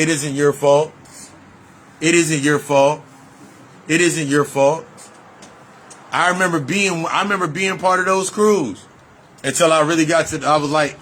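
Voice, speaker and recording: A man's voice: on the high side, fairly even intonation, moderate pace, a bit bright, a little hiss or hum. A man talking as a life coach in a motivational monologue, blunt and preachy, repeating his points and swearing freely. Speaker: life coach and shadow-work healer.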